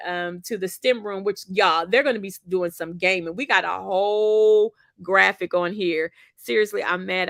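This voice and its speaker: A woman co-hosting a community livestream, telling animated stories with playful asides on a video call. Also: mid-range voice, creaky, dry recording. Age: adult with school-age children. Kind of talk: casual chat.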